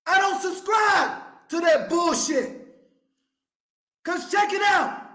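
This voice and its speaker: A fired-up male money coach shouts a fiery, profanity-laced motivational rant in a preacher's rhythm. His voice sits very high, and the recording echoes around the room. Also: slow pace. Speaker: financial coach, show host.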